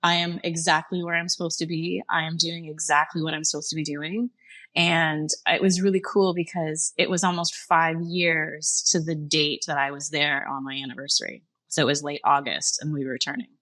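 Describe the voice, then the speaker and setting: Bright-voiced Canadian chef telling stories. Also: female voice, moderate pace, dry recording. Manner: animated, acts out dialogue in a higher voice, laughs often. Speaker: chef and restaurant owner, podcast guest. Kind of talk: conversational storytelling.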